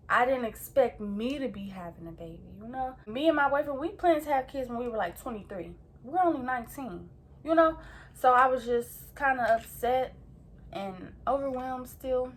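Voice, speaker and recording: A young woman in her late teens tells a story in a casual, rambling way, full of slang and repeated fillers like "like" and "you feel me". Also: a little high. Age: young adult. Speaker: vlogger.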